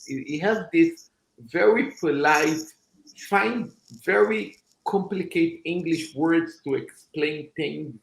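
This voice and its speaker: A man on a panel chat, speaking haltingly and searching for words. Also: on the high side, gravelly, slight background noise, low-quality recording. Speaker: panel guest. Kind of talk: casual chat.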